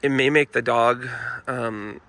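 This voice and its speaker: A man's voice: mid-range voice, fairly even intonation, slow pace, sharp tone, dry recording. A man who trains dogs, talking casually and earnestly to camera and often calling his viewers "folks" while explaining a point. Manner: earnest, repeats "folks" and "you know". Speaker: dog trainer. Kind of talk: casual instructional talk to camera. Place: indoors with dogs nearby.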